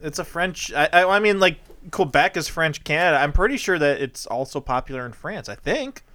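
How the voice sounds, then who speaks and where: A man's voice: a little high, lively intonation, fairly quick, fairly bright tone. Playful man chatting on a podcast. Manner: playful, laughing, stammering restarts. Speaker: podcast co-host. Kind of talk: casual chat.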